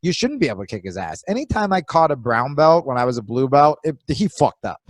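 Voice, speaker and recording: A man's voice: medium pitch, very animated, brisk, no echo. A man co-hosting a podcast in casual chat, giving blunt, profane coaching advice. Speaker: podcast co-host.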